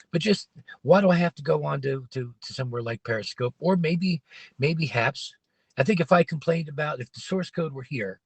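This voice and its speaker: Husky-voiced man ranting in a car. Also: medium pitch, dry recording. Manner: rambling, opinionated, with frequent restarts. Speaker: livestream host. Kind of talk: casual livestream monologue. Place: parked car warming up.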